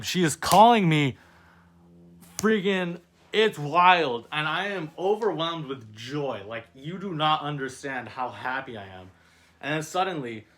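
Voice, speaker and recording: A man with a slightly high voice tells a wild tale in loose, chatty bursts. He rambles, stacks up fillers and throws in mock-dramatic emphasis. He often trips and restarts his sentences. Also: fairly bright tone. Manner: frequent self-corrections and restarts. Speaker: storyteller reading his own script. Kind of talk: casual comic storytelling.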